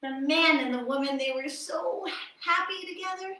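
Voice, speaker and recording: A woman's voice: high voice, normal speed, pushed and bright. A woman teaching preschool ballet, telling a story in a playful, sing-song way while guiding children through movements, recorded from a distance in a roomy dance studio.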